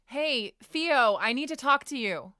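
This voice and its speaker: A woman voices a determined woman in an audio drama, speaking very slowly and deliberately. Her tone is resolute and measured. The recording is dry and close. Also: high-pitched, expressive, pushed and bright, clear, resonant tone, dry recording, full character voice. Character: resolute woman quitting a show, content.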